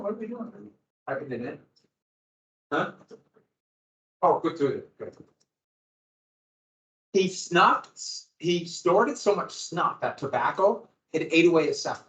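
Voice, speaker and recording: A man's voice: on the high side, lively intonation, slow pace, pauses often, a bit bright. A man teaching a history class, explaining in a loose, conversational way to his students in a classroom. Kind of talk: classroom lecture. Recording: echoey, dull lo-fi classroom audio.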